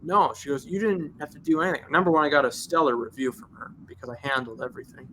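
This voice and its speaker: Man, animated storyteller, bright forceful tone, faint background hum. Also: on the high side, quick pace. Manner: animated, acts out both sides of conversations. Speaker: guest, detailing shop owner. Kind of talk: casual podcast storytelling.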